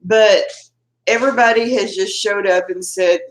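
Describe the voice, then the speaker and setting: A woman's voice: mid-range voice, fairly even intonation, normal speed. A Texan woman hosting a casual live chat with her viewers from home, chatty and laughing often as she greets them by name. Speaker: livestream host. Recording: roomy echo.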